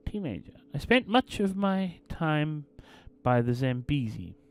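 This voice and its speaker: A man's voice: a little high, big pitch swings, measured pace, a little mellow, clean tone. A man hosting a let's play, commenting casually and reading game text aloud in a theatrical storytelling way. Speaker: gaming channel host.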